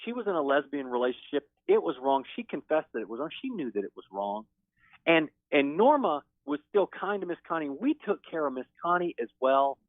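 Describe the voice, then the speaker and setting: A man's voice: a little high, fairly quick, no echo. Emphatic man on a tinny phone line. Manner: excited, emphatic. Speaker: guest. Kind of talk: call-in interview.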